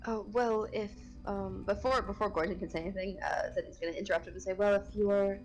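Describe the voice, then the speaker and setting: A woman playing in a tabletop game, describing her character's actions with many halting "um"s, with music playing behind. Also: mid-range voice, poor audio. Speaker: player. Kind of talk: casual tabletop role-play.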